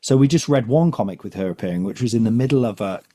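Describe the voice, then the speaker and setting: A man's voice: medium pitch, lively intonation, fast talker, mellow. A man co-hosting a podcast, chatting casually and laughing often as he talks. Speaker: podcast co-host. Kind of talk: casual comedic chat.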